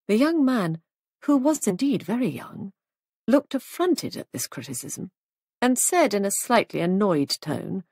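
Woman reading a mystery story, husky gravelly voice, lots of rise and fall. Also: mid-range voice, sing-song, a little mellow, no room sound, clean studio sound. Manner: measured storytelling. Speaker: audiobook narrator. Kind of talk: audiobook narration of a mystery.

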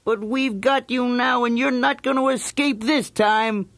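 A man's voice: extremely high pitch, fairly even intonation, a little slow, creaky, fairly bright tone, dry recording, voice pushed up, full character voice. Male actor doing a smug, gloating cartoon pound boss, storybook tape. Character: gruff male dog pound supervisor, smug.

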